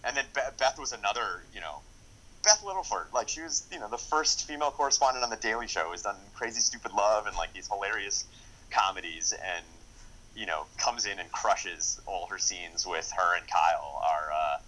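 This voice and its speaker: Man, very low voice, crisp bright tone, screenwriter in a casual interview, rambling, full of fillers, enthusiastic. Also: lively intonation, normal speed, rough recording. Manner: rambling, many fillers and restarts. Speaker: screenwriter and director.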